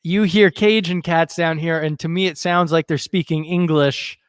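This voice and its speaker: A man from Canada talks in a loose, rambling way over a video call, leaning on fillers as he goes. His voice sits a little high and comes across smooth and clear. The sound is dry, with no room echo. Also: moderate pace. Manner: relaxed, rambling, many fillers. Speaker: guest presenter, local correspondent. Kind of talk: casual livestream chat.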